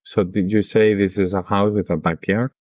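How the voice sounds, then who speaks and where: A man's voice: on the low side, little pitch movement, moderate pace, darkish tone, no echo, clean studio sound. A man playing a tabletop role-playing game, announcing his character's actions in short, direct statements. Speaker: player.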